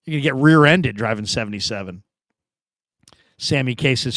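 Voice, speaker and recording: A middle-aged man from California hosting a sports show, chatting casually through live comments and telling stories with animated quoted voices. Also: mid-range voice, moderate pace, dry recording, clean studio sound. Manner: animated storytelling, laughs often, acts out quoted voices.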